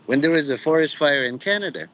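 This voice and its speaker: A man's voice: on the high side, lively intonation, quick pace, fairly bright tone, rough recording. A man talking in a meandering, profane monologue, full of "you know" and jumping between mock-preachy asides. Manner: mock preachy, drifts into quoted voices. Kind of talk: rambling monologue.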